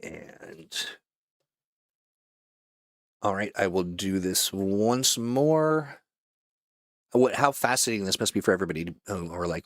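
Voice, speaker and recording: Joking low-voiced male voice-over host. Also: expressive, moderate pace, vocal fry, a bit bright, no room sound. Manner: joking, self-mocking, many fillers. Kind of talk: casual livestream chat between voice-over takes.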